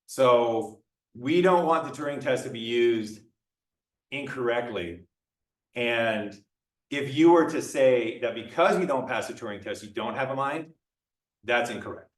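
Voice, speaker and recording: A man's voice: mid-range voice, expressive, measured pace. A male lecturer giving a conversational classroom talk, acting out little dialogues as he explains. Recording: echoey room, mic far off.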